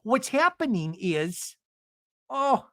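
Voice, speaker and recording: Man doing a high, gushing reality-star woman, breathless drawn-out exclamations, lively sing-song swoops. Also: no room sound, clean studio sound, exaggerated voice. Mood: theatrical.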